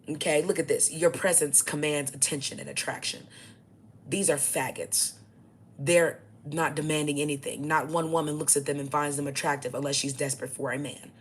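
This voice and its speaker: A woman with a low, heavy voice holds forth to camera as a self-styled spiritual teacher. She preaches in a blunt, profane, combative way. Faint noise sits under her voice. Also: fairly even intonation, moderate pace. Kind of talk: ranting monologue to camera.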